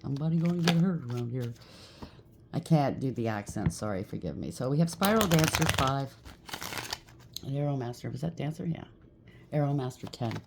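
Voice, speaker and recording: A woman's voice: rumbling low, lively intonation, normal speed, creaky, noisy background. A woman giving a casual tarot reading, chatty and reassuring, often checking in with "okay?" and "right?". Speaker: tarot reader.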